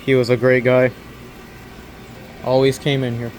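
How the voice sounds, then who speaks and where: A man's voice: medium pitch, completely flat delivery, measured pace, darkish tone, a little hiss or hum. A young man working an overnight store shift, talking casually to camera in a rambling, earnest way that repeats itself. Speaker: overnight convenience store clerk.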